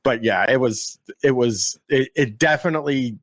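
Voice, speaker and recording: A man co-hosting a podcast in casual chat, reacting and joking in an animated way. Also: mid-range voice, normal speed, no echo. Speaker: podcast co-host.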